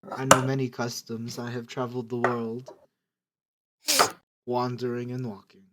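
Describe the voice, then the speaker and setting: A man voicing a blind, worldly old wanderer who speaks softly and courteously, over a noisy voice call. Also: mid-range voice, monotone, a little slow, lightly acted. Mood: wistful.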